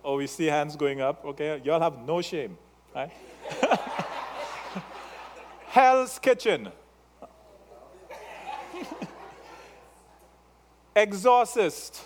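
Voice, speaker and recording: Slow, playful preaching man with an accent. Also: on the high side, very animated, slight background noise. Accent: non-native English. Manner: playful, teasing the congregation, tag questions. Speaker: pastor. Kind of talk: sermon.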